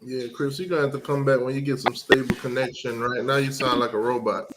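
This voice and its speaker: A man hosting a casual sports talk live stream, relaxed and musing, with lots of ums as he reads out picks from the chat. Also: mid-range voice, quick pace, heavy background noise.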